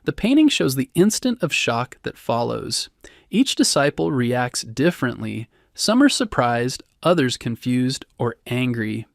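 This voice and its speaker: Calm man narrating a bedtime history. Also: mid-range voice, measured pace, vocal fry, no room sound, clean studio sound.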